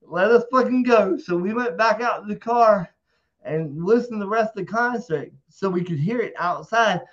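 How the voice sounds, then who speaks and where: A man telling a rowdy story in casual talk, animated and profane, acting out quotes loudly. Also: high-pitched, normal speed, muffled recording. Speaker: interview guest.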